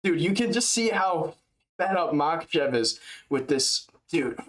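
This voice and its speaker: A man's voice: a little high, lively intonation, unhurried, fairly bright tone. Exasperated young man ranting casually. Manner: rambling, exasperated, heavy slang and swearing. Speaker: reaction video host. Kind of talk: casual reaction commentary.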